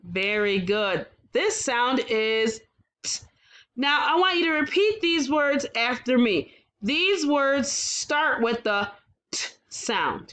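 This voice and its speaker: With a fairly bright tone and a voice on the high side, a woman leads young children through phonics, slowly sounding out words and praising them often.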